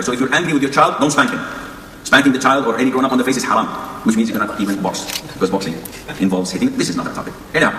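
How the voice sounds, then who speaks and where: A man's voice: mid-range voice, fairly bright tone, slight background noise. A man preaching a sermon, giving earnest advice mixed with wry jokes. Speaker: Islamic preacher. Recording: echoey hall.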